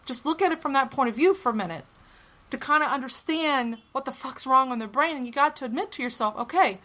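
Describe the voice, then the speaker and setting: High, bright-voiced woman ranting. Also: expressive, fast talker. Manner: heated, profane, opinionated ranting. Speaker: podcast co-host. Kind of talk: casual podcast discussion.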